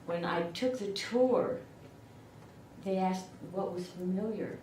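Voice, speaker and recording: At a podium mic, an older southern Illinois woman speaks slowly in a mid-range voice and a rural local accent. Her acceptance speech for an award is chatty and self-deprecating, and the recording is distant and echoey, with noise in the background.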